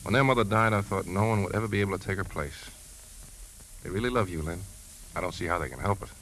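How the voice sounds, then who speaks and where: An actor playing a worried uncle who talks in a hesitant, troubled way. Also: male voice, low-pitched, fast talker, fairly bright tone, rough recording. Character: worried grown man, family uncle.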